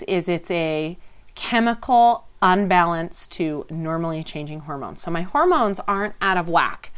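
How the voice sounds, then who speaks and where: A woman with a fairly low, smooth and resonant voice gives an informal spoken lesson. She talks conversationally, checks in with the listener and often restarts her phrases. She explains her points through everyday examples. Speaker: wellness teacher.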